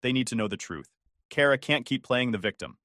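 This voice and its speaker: A man's voice: medium pitch, lively intonation, fairly quick, bright, forceful tone, dry recording, clean studio sound. A man voicing a blunt, encouraging young male cousin in a synthetic storytelling voice. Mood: urging.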